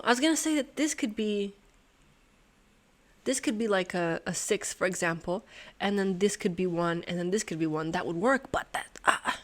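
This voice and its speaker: A woman hosting a sudoku video who thinks aloud as she solves. She is excitable and swears and laughs in disbelief as she talks to herself and her viewers. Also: medium pitch. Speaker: host solving a sudoku puzzle. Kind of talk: thinking aloud while solving a puzzle.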